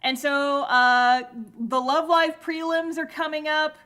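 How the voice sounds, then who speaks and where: A woman's voice: sits high, fairly even intonation, slow, sharp tone. A woman co-hosting a casual podcast, retelling scenes with sarcasm and frequent swearing. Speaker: podcast co-host.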